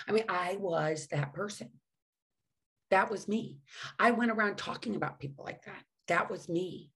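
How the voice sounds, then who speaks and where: A woman's voice: medium pitch, moderate pace, gravelly, fairly bright tone. A middle-aged woman speaking frankly and emotionally about her past, with swearing and self-mockery. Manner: says she cannot sing. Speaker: recovering alcoholic sharing her story. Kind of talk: candid personal monologue.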